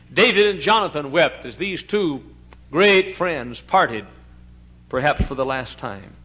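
A male pastor preaching a fiery revival sermon. He moves from soft, hushed storytelling to loud, thundering preaching, and he stretches out scripture verses for emphasis. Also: on the high side.

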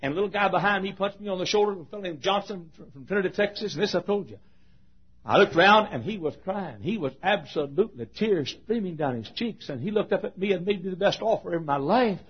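An older male preacher tells a sermon story, his voice swinging from loud proclaiming to hushed asides. His voice sits high and lively with a husky edge. The recording is dull and lo-fi. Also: quick pace.

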